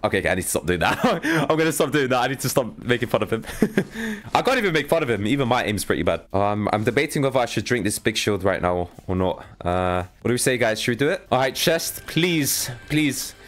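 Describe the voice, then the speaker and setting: Animated young man commentating gameplay. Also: mid-range voice, fairly quick. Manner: excitable, talks to viewers, frequent exasperated outbursts. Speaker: gaming YouTuber.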